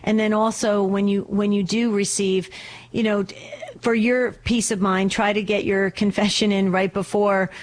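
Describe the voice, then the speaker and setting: A woman's voice: medium pitch, little pitch movement, moderate pace. A woman co-hosting a call-in religious radio show, giving reassuring, encouraging counsel to callers.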